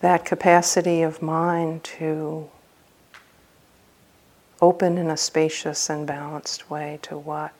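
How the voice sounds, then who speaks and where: A woman's voice: deep voice, little pitch movement, slow pace, pauses often, a little mellow. A woman meditation teacher giving a dharma talk at a retreat center, telling a personal story in a humorous, loose, conversational way.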